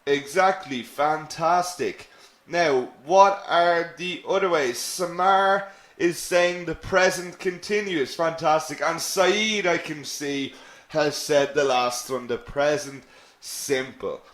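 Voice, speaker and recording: A man teaching a live online English lesson, slow and patient, who repeats phrases and answers viewers' questions. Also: fairly high pitch, a bit bright. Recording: echoey room.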